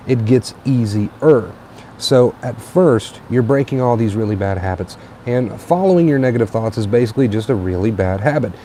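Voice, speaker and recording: A young man hosting a late-night livestream on a tablet, a little tired, relaxed and repetitive, with plenty of uh and um. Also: medium pitch, slight background noise. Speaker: livestream host. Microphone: tablet mic.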